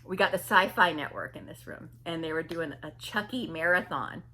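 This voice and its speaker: A woman's voice: deep voice, moderate pace, sharp tone, slight background noise. A woman vlogger telling a story casually and animatedly, imitating people and laughing often.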